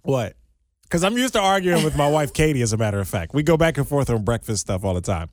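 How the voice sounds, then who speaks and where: A man's voice: mid-range voice, very animated, fast, no echo, studio quality. A man co-hosting a podcast, chatting casually and laughing often. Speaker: podcast co-host. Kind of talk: casual chat.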